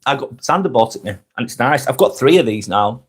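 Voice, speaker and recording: A man's voice: mid-range voice, animated, brisk, husky. An English man, middle-aged, hosting a live vlog, chatting casually with viewers, rambling and repeating himself and swearing freely. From England. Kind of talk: casual live-stream chat.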